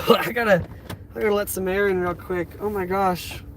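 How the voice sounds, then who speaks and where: Speaking at normal speed in a high, creaky voice with fairly even intonation, a man in his twenties live-streams a casual chat from his parked car. He's emotional and overwhelmed, near crying, with exclamations tumbling out again and again. Slight hiss or hum in the background.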